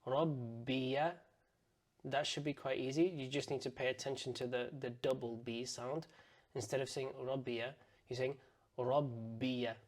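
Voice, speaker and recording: A man's voice: medium pitch, steady tone. Man teaching careful pronunciation. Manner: patient, demonstrates sounds slowly and repeats them. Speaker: Arabic and Quran teacher. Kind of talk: pronunciation lesson.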